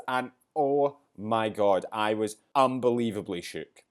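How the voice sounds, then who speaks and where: A man with a somewhat low voice hosts a casual podcast race review. He rambles excitably, and his voice turns teary and choked up as he talks. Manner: excitable, rambling, gets emotional. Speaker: podcast host.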